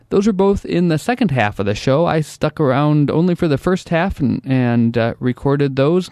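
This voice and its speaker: A man hosting a radio show, introducing recorded stories in a relaxed, conversational way. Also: on the high side, no echo, studio quality. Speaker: radio host.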